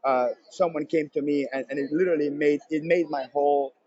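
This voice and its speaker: A man giving a live conference talk, energetic and repeating his points for emphasis. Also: fairly high pitch, brisk, highs cut off. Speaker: presenter at a conference session. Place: convention center session room.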